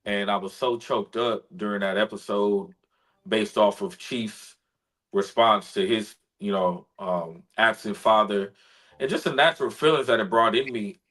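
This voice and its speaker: A man's voice: on the low side, fairly bright tone, rough recording. A man, a spoken word poet and guest, earnestly telling a heartfelt personal story on a video call. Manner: earnest, emotional, measured storytelling.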